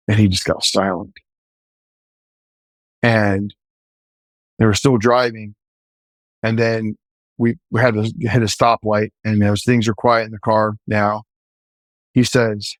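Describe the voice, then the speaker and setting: A man, a former police officer, telling a story in an earnest, animated way. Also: fairly low pitch, measured pace, long pauses, no room sound. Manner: earnest, animated, shouts in quoted lines. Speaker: former navy chief and police officer, guest. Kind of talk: casual storytelling.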